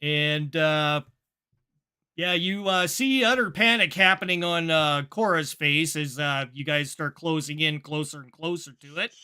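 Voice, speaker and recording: A man narrating a sci-fi tabletop game as game master, in a halting way with many fillers. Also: on the high side, pushed and bright, clean tone.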